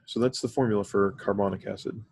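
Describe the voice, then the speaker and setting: A man's voice: fairly low pitch, steady tone, quick pace, creaky, a little mellow, slightly rough. A man teaching a chemistry lesson, explaining methodically step by step with occasional fillers. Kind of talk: recorded classroom lecture.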